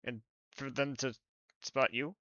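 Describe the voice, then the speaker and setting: Soft-spoken man streaming a game. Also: medium pitch, steady tone, unhurried, lo-fi sound, noisy background. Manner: soft-spoken, hesitant, lots of fillers. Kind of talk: casual game commentary and reading. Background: game music.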